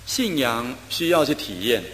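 A man preaching a sermon in short phrases, pausing for an interpreter, with steady delivery and frequent filler sounds. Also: mid-range voice, a little hiss or hum. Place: church hall. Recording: reverberant hall, faint ambience.

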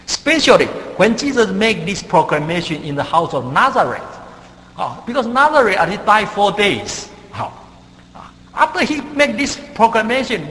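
Male preacher, halting delivery full of fillers, very lively pitch, long hall reverb. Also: a little hiss or hum. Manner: halting, many "uh" fillers, non-native grammar; rises sharply in pitch and volume for emphasis. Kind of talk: sermon.

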